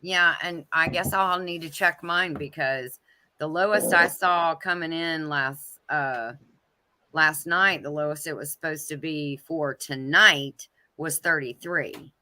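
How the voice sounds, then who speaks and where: A woman's voice: deep voice, slow, pushed and bright, slight background noise. A woman co-hosting a casual live chat, chatty and giggly, greeting viewers by name.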